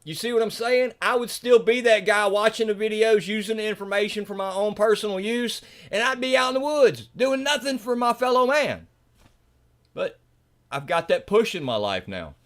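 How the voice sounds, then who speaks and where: A high-voiced man with a Southern accent hosts a livestream from home. He rants with preachy fire and often breaks into shouting. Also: expressive, moderate pace. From Mississippi, US. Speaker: livestream host. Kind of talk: ranting livestream commentary.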